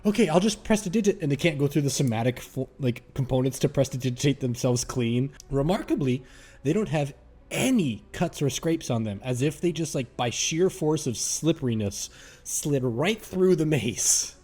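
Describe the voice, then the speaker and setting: A man narrating as game master of a tabletop game, rambling and animated. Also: mid-range voice, normal speed, slightly rough.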